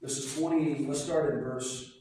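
A man preaching a sermon as pastor, animated and telling stories with voiced asides. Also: medium pitch, moderate pace, a little hiss or hum. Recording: echoey hall from far off.

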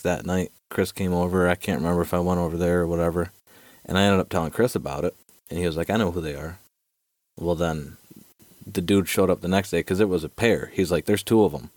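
Man, very low voice, dry close sound, casual profane storyteller, chatty podcast host. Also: brisk, no room sound. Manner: profane, animated storyteller, fillers like dude and right.

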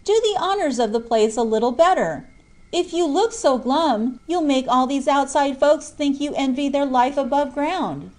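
A woman reading an audiobook, voicing a cheerful, teasing young male miner in a lively, coaxing manner. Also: high voice, moderate pace, voice pushed up. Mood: jovial. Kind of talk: audiobook character voice.

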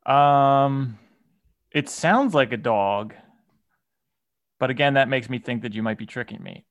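A man's voice: mid-range voice, a little slow, no room sound, dull audio. A man co-hosting a casual podcast chat, easygoing and hesitant when guessing. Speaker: podcast co-host.

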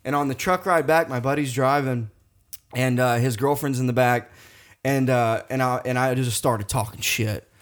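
A man's voice: mid-range voice, fairly even intonation, moderate pace. A man telling a rambling, profane story in casual podcast chat, often breaking into laughter.

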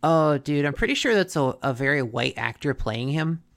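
A man's voice: fairly high pitch, normal speed, gravelly. A man co-hosting a podcast, recapping a cartoon episode in a casual chat and acting out lines from it. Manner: animated, acts out quotes from the episode.

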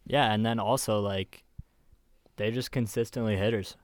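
A man's voice: fairly low pitch, fairly even intonation, moderate pace, no room sound, studio quality. A man, co-hosting a casual podcast and telling jokey stories with casual swearing. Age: 20s. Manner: storytelling, joking, swearing. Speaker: podcast co-host. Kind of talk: casual chat.

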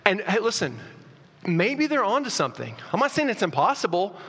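Animated male pastor in reverberant hall. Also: high voice, fairly quick, breathy edge. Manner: conversational, animated, frequent restarts. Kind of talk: sermon. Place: church.

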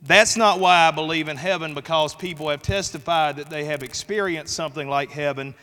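A man with a high, bright voice preaches a sermon to his congregation. He speaks earnestly and rises in force on the words he stresses. The sound rings with the long reverb of a church hall. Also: a little fast. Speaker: pastor. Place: church sanctuary.

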